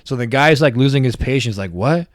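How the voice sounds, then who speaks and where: A young man co-hosting a podcast, excitedly recapping a horror episode, swearing and acting out reactions. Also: mid-range voice, quick pace, no room sound, clean studio sound. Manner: animated, swears a lot, acts out reactions. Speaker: podcast co-host. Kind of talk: casual spoiler review chat.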